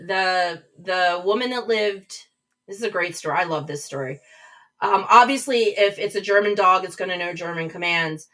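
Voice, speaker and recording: A woman hosts a live stream, chatting casually and reading her viewers' comments aloud with rambling restarts. Her mid-range voice has a fairly bright tone, and the webcam mic a little back from the screen leaves her far off on a rough recording.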